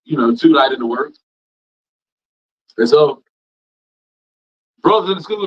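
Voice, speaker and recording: Casting: male preacher, fairly high husky voice, folksy and repetitive, dull lo-fi recording. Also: a little fast, pauses often. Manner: folksy, repetitive, preachy, with Southern US Black vernacular. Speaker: preacher teaching a class. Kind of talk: informal sermon, reading and commenting on scripture. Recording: dull lo-fi sound.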